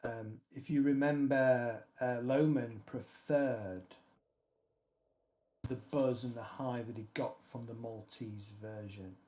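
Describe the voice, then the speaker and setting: A man narrating a tabletop horror game as game master, describing scenes slowly and carefully. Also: medium pitch, fairly even intonation, warm tone, poor audio. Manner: slow, measured scene narration. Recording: faint music behind.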